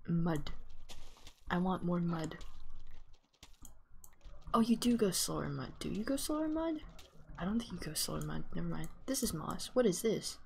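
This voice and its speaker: A woman streamer giving live gameplay commentary, excitable and gasping as she talks to herself and her chat. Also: on the low side, fast talker, creaky, slight background noise.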